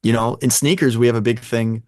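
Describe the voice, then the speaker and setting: A man's voice: mid-range voice, a little fast, dry recording. A man talking casually on a podcast, telling stories with lots of energy and acting out what other people said. His voice sits in the middle range. The sound is dry and close, with no room around it. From Chicago. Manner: animated storyteller, acts out dialogue. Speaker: podcast guest. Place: home room with sneaker collection.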